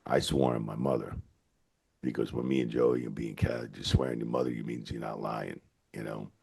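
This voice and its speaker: Middle-aged man, very low raspy voice, chatty storytelling guest who swears freely. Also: moderate pace. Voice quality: very deep, gravelly and husky voice. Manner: excitable, swears, leaps up in pitch when retelling stories. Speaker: retired wrestling referee, guest. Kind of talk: animated storytelling in a podcast interview.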